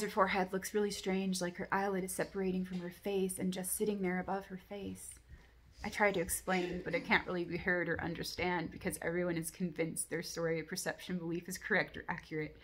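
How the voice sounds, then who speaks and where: Blunt low-voiced woman recounting a dream. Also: fairly bright tone. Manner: candid and blunt, with frequent swearing; intense and reflective. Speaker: dream journal narrator. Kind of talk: recounting a dream from her journal.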